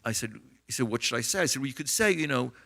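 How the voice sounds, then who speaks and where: A man's voice: medium pitch, expressive, racing, creaky, sharp tone. A middle-aged American man, an author and physician, tells anecdotes with many fillers and retold dialogue in a conversational interview.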